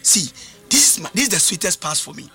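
A preacher with a high, bright voice that leaps up and down in pitch. He speaks emphatically and hammers home repeated phrases. Soft music plays faintly behind him. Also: very animated, quick pace. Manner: emphatic, repeats key phrases, mixes in Twi. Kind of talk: sermon.

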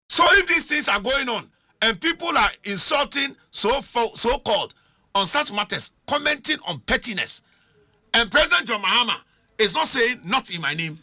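A man's voice: extremely high pitch, pushed and bright. A middle-aged Ghanaian man arguing as a panelist on a political talk show, emphatic and full of rhetorical questions. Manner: emphatic, argumentative, rhetorical questions, mixes languages.

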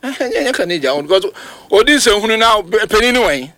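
A man with a Ghanaian accent giving emphatic, animated football commentary on a talk show, his voice jumping high at points of emphasis. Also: fast talker, no echo. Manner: emphatic, animated, rising to sudden high outbursts. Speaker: football pundit. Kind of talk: radio sports talk, mixing Twi and English.

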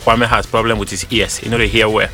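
A man's voice: lowish voice, level tone, fast, sharp tone, soft background music. A young Ghanaian man co-hosting a radio show, bantering playfully and mixing languages. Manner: playful, code-switching, laughs often. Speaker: co-host. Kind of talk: casual studio banter.

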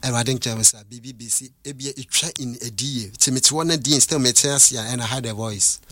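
A man's voice: medium pitch, sharp tone. Man telling his testimony. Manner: storytelling, recounts visions, mixes English phrases, halting restarts. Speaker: guest. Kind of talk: casual testimony in conversation.

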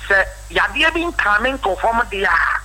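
Bright-voiced Ghanaian doctor guest. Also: male voice, high-pitched, big pitch swings, rough recording. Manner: explanatory, measured advice. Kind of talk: radio talk show.

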